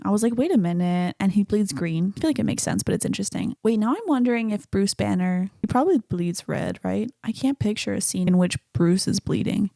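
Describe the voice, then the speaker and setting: A woman's voice: medium pitch, vocal fry, warm tone, no echo, studio quality. A woman hosting a solo podcast, talking casually and chattily about a movie, swearing freely. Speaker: podcast host.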